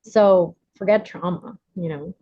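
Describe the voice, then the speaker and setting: A woman's voice: lowish voice, measured pace, dark tone, no echo. A woman leading a recovery workshop, giving chatty, encouraging advice full of fillers and small laughs. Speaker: workshop leader. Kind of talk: casual advice on a video call. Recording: dull, dry lo-fi audio.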